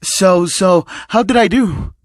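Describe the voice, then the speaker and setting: An eager, naive teenage cat boy, read aloud by a man, full of childlike wonder and halting "um"s. The voice sits a little high and the recording is dry and close. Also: animated, no room sound. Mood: excited.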